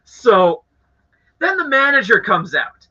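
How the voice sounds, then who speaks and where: A young man from Canada hosting a live stream, telling an annoyed story to his chat in a casual, animated way with swearing. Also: extremely high pitch, takes it slowly, breathy edge. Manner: animated, swearing, acts out angry voices. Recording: dull lo-fi audio.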